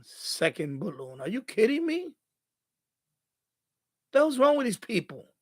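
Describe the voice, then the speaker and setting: A man's voice: high-pitched, huge pitch swings, unhurried. A man live-streaming about radio, ranting in an exasperated way and swearing freely at a desk mic.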